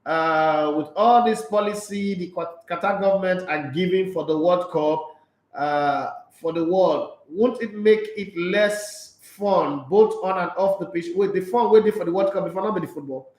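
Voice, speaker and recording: A Nigerian man hosting a casual sports live stream, reading out viewer comments and answering in a blunt, animated way, slipping into Pidgin. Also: sits high, a little slow, reverberant, poor audio.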